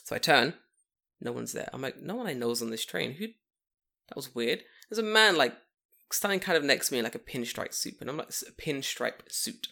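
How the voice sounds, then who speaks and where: A young man telling a long story in casual chat, profane and animated, acting out what people said. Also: medium pitch, brisk, vocal fry. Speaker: podcast co-host telling a story.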